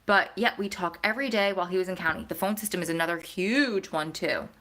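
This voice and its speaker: A woman's voice: lowish voice, quick pace, fairly bright tone. A woman vlogger in casual chat, answering viewer questions and talking straight to her audience. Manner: chatty, talks straight to viewers.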